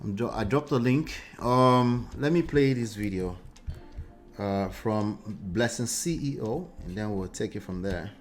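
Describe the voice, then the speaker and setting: A man from Nigeria hosting a live stream, talking casually to his viewers in a relaxed way with many fillers. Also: on the low side, a little slow, soft background music. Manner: relaxed, talks straight to viewers, filler-heavy.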